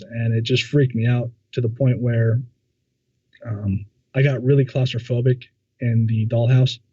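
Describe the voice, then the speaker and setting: A man telling a personal story in a casual, halting way, often stammering and repeating words with many fillers. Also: mid-range voice, warm tone, dry recording. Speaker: podcast guest. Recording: dull lo-fi sound.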